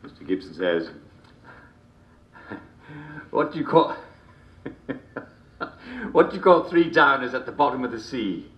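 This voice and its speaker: An actor playing a jovial, sinister English comedy show host in a video game, theatrical and chuckling constantly between jokes. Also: male voice, mid-range voice, very animated, measured pace, long pauses, fairly bright tone. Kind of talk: scripted video game character performance. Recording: roomy echo.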